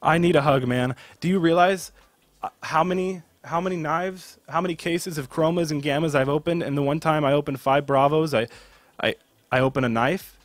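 A man hosting a gaming channel, chatting casually as he opens game cases, excitable and swearing with loud bursts of disbelief. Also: a little high, normal speed, no room sound. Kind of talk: casual live commentary while opening game cases.

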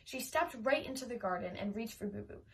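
A woman reading a children's chapter book aloud in a lively, expressive way. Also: on the high side, fairly quick. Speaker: audiobook reader. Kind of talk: storybook read-aloud.

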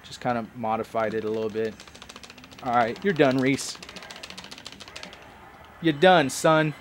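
A man's voice: fairly low pitch, fairly even intonation, moderate pace, slight background noise. A man giving casual, rambling commentary as he plays a game, chatting like a longtime fan. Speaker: let's play host.

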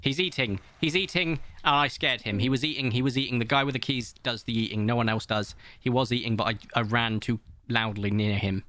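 A man's voice: medium pitch, fairly quick, few pauses, pushed and bright, no room sound. A man hosting a game session with friends over a voice call, explaining the game in a dry, wry way. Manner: dry, wry, explains things matter-of-factly. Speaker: channel host playing with friends. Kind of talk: casual gaming chat over voice call.

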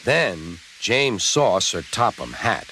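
Lively man narrating a storybook. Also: fairly low pitch, slow. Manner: lively, expressive reading. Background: background music.

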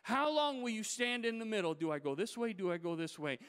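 Picture a preacher lending his voice to a stern, defiant prophet, hurling rhetorical challenges at a wavering crowd. The voice sits high for a man and is smooth and resonant. It carries a long church-hall reverb. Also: fairly quick, fairly bright tone. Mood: urgent. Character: bold defiant male prophet, stern and mocking.

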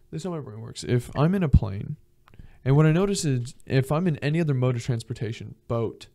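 Male podcast guest, mellow low-bright tone, profane rambling storyteller, dry close sound. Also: dry recording. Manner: profane, rambling, acts out voices in his stories. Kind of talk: casual storytelling.

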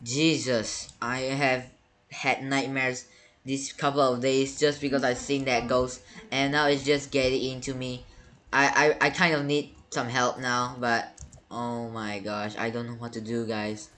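A man's voice: medium pitch, little pitch movement, unhurried, a bit bright. A man giving gameplay commentary as a YouTuber, panicky and stammering, repeating words over and over. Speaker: gaming YouTuber.

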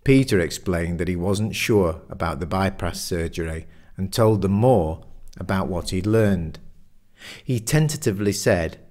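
A man narrating an audiobook in a measured storytelling manner. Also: low-pitched, darkish tone. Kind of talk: scripted narration.

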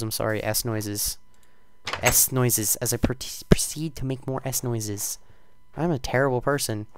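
A man's voice: medium pitch, vocal fry, smooth, no room sound. Rambling teenage boy narrating gameplay. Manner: self-deprecating, rambling, with sudden loud outbursts. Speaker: gaming channel host. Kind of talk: casual gameplay commentary.

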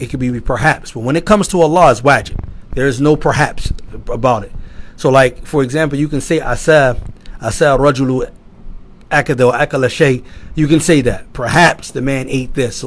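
A man giving an emphatic sermon-style lecture, asking rhetorical questions and swinging from loud to quiet. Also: mid-range voice. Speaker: lecturer at an Islamic institute.

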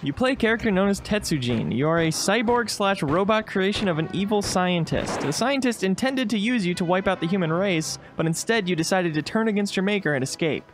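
A man giving wry, joking gameplay commentary, his voice pitched high. Faint music plays under his talk. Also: animated, a little fast, hardly any pauses. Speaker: co-host.

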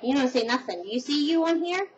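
A woman's voice: high voice, expressive, quick pace. An older woman, a grandmother at home, coaxing her little grandchildren to talk for a casual home video in a sing-song way. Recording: dull lo-fi home video with noise.

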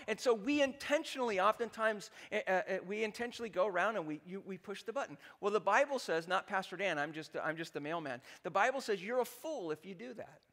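High-voiced pastor joking through a sermon. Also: male voice. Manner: animated and joking, asks the congregation "right?" again and again. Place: church sanctuary.

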